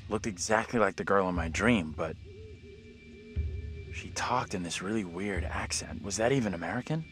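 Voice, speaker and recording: A man's voice: low-pitched, moderate pace, fairly bright tone, soft background music. An actor playing a dazed young man speaking in a subdued, uneasy way.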